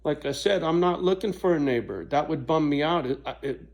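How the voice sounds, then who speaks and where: A man's voice: on the high side, fairly quick. A middle-aged man telling a rambling story in a casual vlog, swearing freely and often checking in with "right?". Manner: rambling, profane, frequent "right?" asides. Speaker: vlogger.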